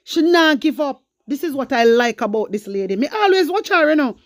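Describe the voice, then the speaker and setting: A commentary host speaks in a strong Jamaican Patois accent, animated and full of repeated phrases as they address viewers. The sound is dry and close, with no room around it. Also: sits high, brisk, no room sound. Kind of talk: reaction commentary vlog.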